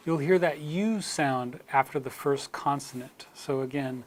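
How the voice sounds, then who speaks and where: A teacher with an American accent giving a slide-based pronunciation lesson, modelling example words one at a time and softly whispering some of them. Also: mid-range voice, slow, hardly any pauses, a little hiss or hum.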